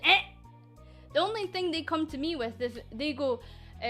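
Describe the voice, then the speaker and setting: A high-pitched, bright woman from Scotland talks casually on stream about the VTuber agency she runs. She is sarcastic and animated and swears freely. Faint background music plays under her voice. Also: brisk.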